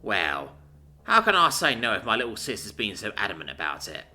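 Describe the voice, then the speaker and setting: A man's voice: lowish voice, huge pitch swings, a little fast, bright, forceful tone, soft background music, exaggerated voice. A man voicing a sultry, teasing female reptilian mechanic.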